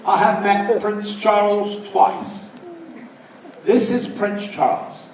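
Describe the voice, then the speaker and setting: High-voiced English comedian in a roomy hall. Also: male voice, level tone, takes it slowly. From England. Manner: punchy, loud delivery of one-liners. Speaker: stand-up comedian. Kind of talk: stand-up comedy routine. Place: casino show room before a live audience. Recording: roomy live hall, mic at a distance, crowd and noise. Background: audience laughter.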